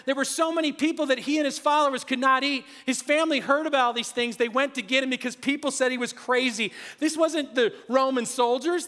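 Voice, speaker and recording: A man with a strikingly high voice preaches to his congregation. He talks in a lively, conversational manner. His voice rings out in a church sanctuary with a long, lingering reverb. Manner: energetic, conversational preaching, drops to a hushed voice near the end. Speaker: pastor. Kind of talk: sermon. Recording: long reverb of a large hall.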